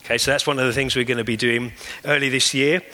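A pastor delivers an earnest sermon, stacking repeated phrases for emphasis. His voice is bright and forward at a middle pitch. It rings out with a long reverb, as in a large church hall. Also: steady tone, fast.

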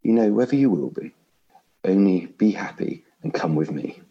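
A man reading aloud and voicing a calm, forgiven man in heaven who gently reassures. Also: low-pitched, moderate pace, vocal fry, muffled recording, exaggerated voice. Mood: urging.

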